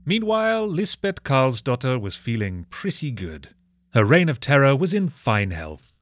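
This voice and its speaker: A man narrating a comedic history story with sardonic, deadpan asides. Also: medium pitch, a little slow.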